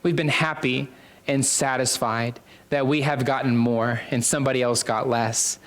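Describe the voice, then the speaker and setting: A man's voice: mid-range voice, steady tone, normal speed, fairly bright tone. A man preaching a sermon in a conversational way, full of fillers and restarts, repeating phrases for emphasis.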